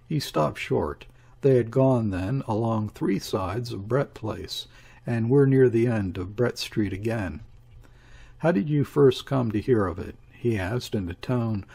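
A man reading a classic novel aloud as an audiobook in a measured, even storytelling manner. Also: fairly low pitch, creaky, breathy edge. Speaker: audiobook reader. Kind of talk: literary audiobook narration.

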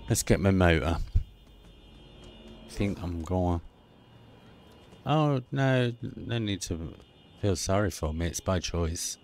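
A man's voice: deep voice, lively intonation, slow, pauses often, a little mellow, slight background noise. A man commentating a let's-play, chatty and joking, talking to himself and making car noises as he drives. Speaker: gaming video host.

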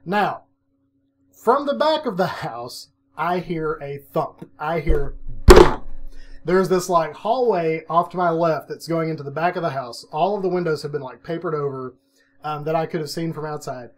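Middle-aged male vlogger with a slightly high voice, casual storyteller, self-mocking and animated. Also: moderate pace. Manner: animated, self-mocking, laughs often, acts out his own quotes. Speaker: vlog host telling a personal story.

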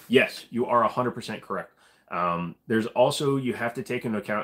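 A man's voice: sits low, a bit bright. Blunt, profane male streamer. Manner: blunt, profane, answers viewer questions. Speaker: live-stream host. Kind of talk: casual live-stream chat.

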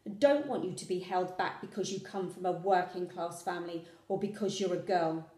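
Woman reading as a gruff working-class dad in a storybook, stern and worried, lecturing hard with a forceful edge. the voice is mellow and a bit dark, and it sits in an echoey room. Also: fairly low pitch, moderate pace, natural voice.

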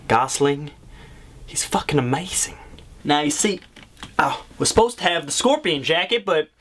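An actor playing an unhinged young man obsessed with a movie star, in a comedy sketch monologue, lurching from low profane mutters to shrill outbursts. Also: fairly bright tone. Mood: mumbling devotion.

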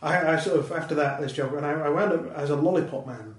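A man's voice: on the high side, quick pace. A middle-aged man from Britain, a comedian guest on a podcast, talking in a dry, rambling, self-deprecating way with many restarts. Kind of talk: casual podcast interview. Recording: roomy sound from a distant mic.

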